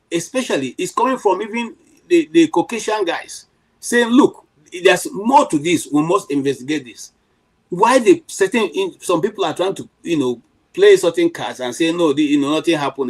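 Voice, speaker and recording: A man's voice: on the high side, poor audio. A middle-aged Nigerian man giving impassioned political commentary on a panel, emphatic, with frequent restarts and "you know" fillers.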